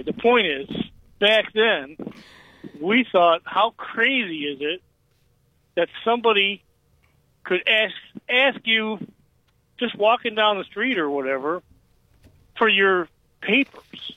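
A man's voice: sits high, animated, slow, long pauses, no room sound, phone-quality sound. A man in his fifties calling a radio show, telling a rambling story and stumbling over his words. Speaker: caller. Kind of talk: phone-in call.

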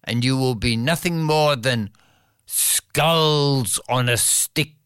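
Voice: mid-range voice, takes it slowly, a bit bright, clear, resonant tone, dry recording, clean studio sound. A storyteller doing a proud, threatening peacock king. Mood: menacing. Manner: grand, threatening proclamations. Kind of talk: told folktale, acted dialogue.

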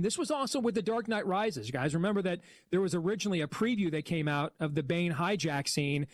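A man's voice: on the high side, dry recording. A man appearing as a filmmaker guest on a talk show, giving blunt, critical film commentary with frequent "uh" fillers.

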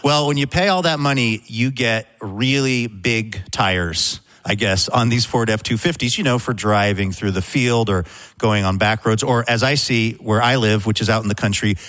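A man's voice: on the low side, moderate pace, fairly bright tone. A middle-aged man hosting a radio show, telling a news story in a chatty way with wry, self-mocking asides. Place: radio studio.

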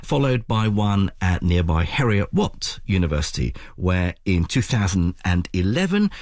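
A man interviewing a guest in a lively, conversational way, asking questions. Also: sits low, moderate pace, dry recording, clean studio sound. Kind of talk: radio interview.

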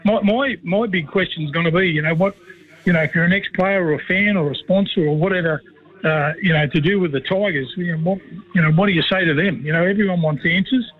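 A middle-aged Australian man calls in to a radio show over a thin, tinny phone line. His voice sits fairly high for a man. He rambles from one yarn to the next and drops "mate" into almost every sentence. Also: brisk. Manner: rambling storyteller, says "mate" constantly. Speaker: guest, former player and commentator. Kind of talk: casual radio chat by phone.

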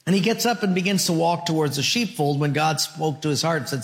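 A man pastor telling a parable in a sermon, earnest, dropping soft and low at his key points. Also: lively intonation, a little fast, creaky. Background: soft guitar music.

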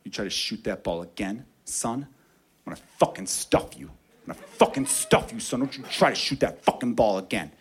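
A menacing teenage defender on a basketball court, as a man puts him on in a stand-up bit. The voice drops deep and low for a slow, threatening warning. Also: animated, husky.

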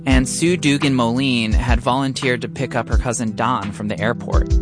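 A man narrates a radio story in a calm, measured, scripted manner. His voice sits at an ordinary pitch. Music runs clearly beneath him.

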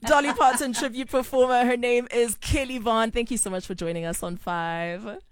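A woman's voice: a little high, moderate pace, dry recording, studio quality. A woman hosting a live interview, asking questions with enthusiasm. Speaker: talk show host.

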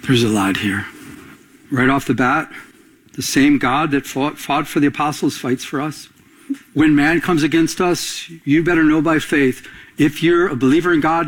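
A pastor speaking at normal speed with a fairly high pitch delivers a sermon, captured in low-quality audio. He weaves in stories and calls out for the congregation to answer, with emphatic, rising call-and-response delivery.

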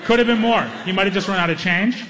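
Animated stand-up comedian, higher male voice. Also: fast talker. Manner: animated, acts out other people's lines in higher voices. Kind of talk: stand-up storytelling.

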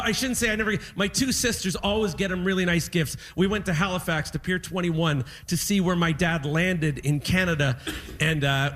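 Man, stand-up comedian, high-pitched, bright tense tone, animated storytelling, stage mic in a concert hall. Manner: animated, bursts into shouted impressions.

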